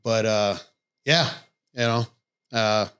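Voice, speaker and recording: A man speaking in a somewhat low register, chatting casually on a podcast. He coaches boxing and tells his stories bluntly, with plenty of swearing. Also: steady tone, takes it slowly, fairly bright tone, clean tone. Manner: candid storytelling with frequent swearing.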